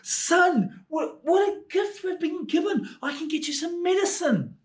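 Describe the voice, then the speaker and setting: A man voicing a poor young mother in a children's story, pitched high and tearful. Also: expressive, unhurried, distant mic. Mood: overjoyed.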